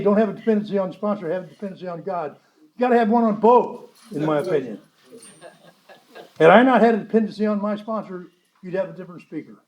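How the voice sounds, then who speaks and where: A man with a notably high-pitched voice tells a story to a convention audience. His delivery is blunt and wry, and he slips into the voices of the people he quotes. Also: muffled recording. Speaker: recovery meeting speaker.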